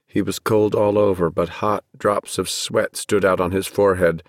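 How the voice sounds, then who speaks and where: A man narrating a fantasy novel at a measured, steady pace. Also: sits low, no room sound, clean studio sound. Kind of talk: audiobook narration.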